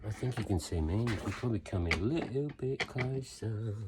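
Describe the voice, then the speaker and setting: This fitness vlogger, a man in his fifties, speaks a little fast in a lowish, lively voice while filming his outdoor workout amid background noise. He counts reps and explains his routine in a friendly, encouraging coaching style.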